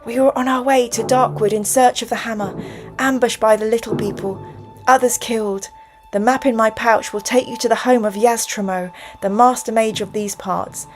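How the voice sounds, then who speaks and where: A woman voicing a delirious, dying old male dwarf who shouts frantic cries and then pleads in a low voice. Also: steady tone, normal speed, soft background music, natural voice. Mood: pleading.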